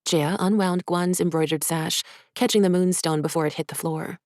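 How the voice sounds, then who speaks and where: A woman, an author, reading her own short story in soft, measured, hushed narration. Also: on the low side, steady tone, no room sound, studio quality.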